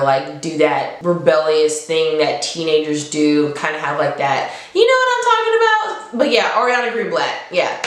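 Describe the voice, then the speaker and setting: A chatty woman talks through a book review in a relaxed vlog manner, laughing easily and leaping up in pitch when something excites her. Her voice sits a little low and rings around a very echoey room.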